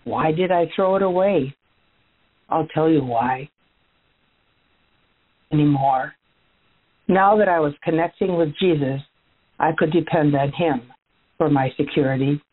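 A woman's voice: deep voice, measured pace, long pauses, husky. Bartimaeus, earnest healed blind beggar, voiced by a woman. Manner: earnest storytelling, addresses listeners directly. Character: formerly blind male beggar, earnest and grateful. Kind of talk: first-person dramatic monologue. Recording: tinny phone-like audio.

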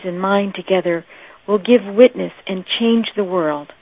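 A woman preaching a sermon in a slow, deliberate, meditative way. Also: medium pitch, no room sound. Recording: tinny, phone-like dry audio.

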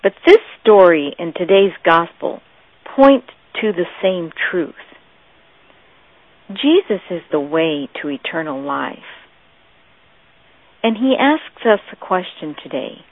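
Woman preacher, sermon, low voice, tinny phone-like audio. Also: expressive. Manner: slow, deliberate and meditative.

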